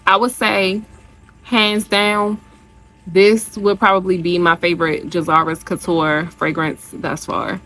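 Slow-talking, gushing woman vlogger. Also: on the low side, level tone, fairly bright tone, low-quality recording. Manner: gushing and chatty, addresses viewers as y'all. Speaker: vlogger reviewing perfume. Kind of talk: casual product review vlog.

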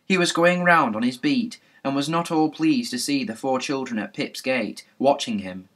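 A man reading a children's mystery novel aloud in a lively storybook narration. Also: mid-range voice, moderate pace. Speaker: audiobook narrator.

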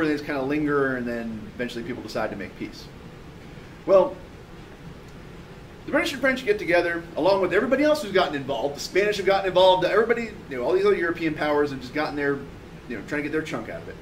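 A man teaching a history class in a chatty, animated way, pointing things out on a map as he talks. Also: a little high. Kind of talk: classroom lecture. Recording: distant mic with faint room noise.

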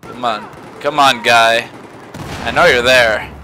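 A man's voice: medium pitch, takes it slowly, a little hiss or hum. A man giving gameplay commentary, muttering to himself and then swearing and yelping at sudden moments. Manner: excitable, swears and yelps at surprises; mutters quietly to himself between outbursts. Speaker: gamer. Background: faint gunfire from the game.

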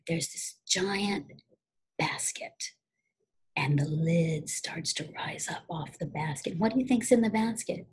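A middle-aged woman, a teacher, telling a casual, animated story to her students in a chatty way. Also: medium pitch, slightly rough, low-quality recording. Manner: animated, chatty, repeats phrases, acts out shouted quotes.

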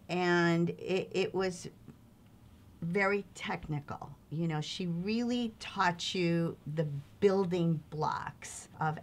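A middle-aged woman, an actress and showrunner, telling stories in an animated way and laughing often in a casual interview. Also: lowish voice. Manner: animated, lively storyteller who laughs often.

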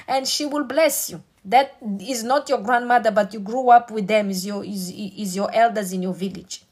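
A woman's voice: mid-range voice, normal speed, few pauses, a little mellow. A woman preacher delivering a sermon with emphatic, repetitive exhortation.

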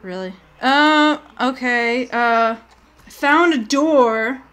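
Woman streamer, high voice, live gameplay commentary, rambling and jumpy. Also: takes it slowly, fairly bright tone. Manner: jittery, rambling, often panics and yelps. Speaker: gaming streamer.

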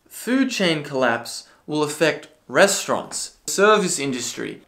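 A man delivering a ranting commentary video, sarcastic and profane, now and then bursting into yelling. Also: fairly high pitch, expressive, measured pace. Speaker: political commentary video creator.

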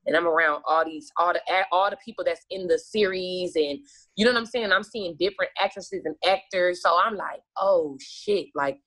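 A woman's voice: lowish voice, normal speed, fairly bright tone. A woman guest telling stories in casual, profane chat, acting out her own past lines and laughing often.

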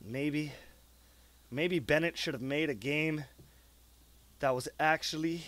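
A young man giving gameplay commentary, excitable, muttering one moment and yelling the next, swearing and talking to his character. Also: fairly high pitch, slow pace. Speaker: gaming YouTuber.

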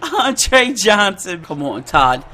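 A young man giving excited, slangy commentary over his own football video game, often shouting and laughing at big plays. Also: high voice, takes it slowly. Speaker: gaming YouTuber. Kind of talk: excited live gameplay commentary.

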